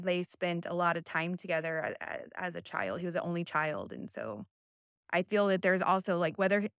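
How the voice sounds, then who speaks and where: A woman's voice: lowish voice, clean tone, no echo, clean studio sound. A woman podcast co-host reflecting in a thoughtful, hesitant way, often searching for words. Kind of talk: reflective conversation.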